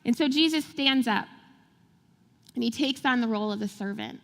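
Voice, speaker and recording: A woman's voice: on the high side, normal speed, gravelly, a bit bright. A woman pastor preaching a sermon, telling the story animatedly and acting out the quotes. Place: large church sanctuary. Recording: long hall reverb in a church.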